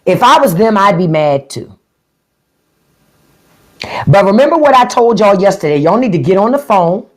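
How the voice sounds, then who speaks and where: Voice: mid-range voice, very animated, normal speed, pauses often. A livestream host giving a blunt, profane, mocking rant to viewers. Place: livestream at home.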